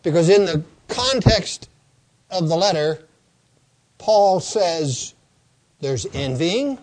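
Older male pastor with a slightly high voice, folksy and emphatic, for a sermon read. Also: animated, a little mellow. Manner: folksy storytelling, slow emphatic lists and repetitions.

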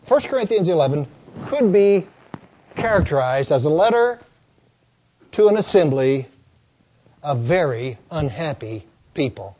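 Older male pastor with a slightly high voice, folksy and emphatic, for a sermon read. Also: very animated, a little mellow. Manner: folksy storytelling, slow emphatic lists and repetitions.

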